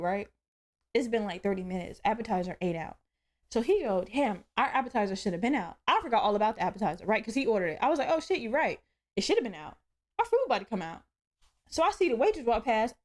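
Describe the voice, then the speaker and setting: A young woman hosts her own podcast and rants through everyday stories, blunt and full of swearing. Her voice sits a little high for a woman, and she talks with animated, heated energy. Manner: blunt, profane, animated storytelling. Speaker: podcast host. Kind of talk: casual solo podcast rant.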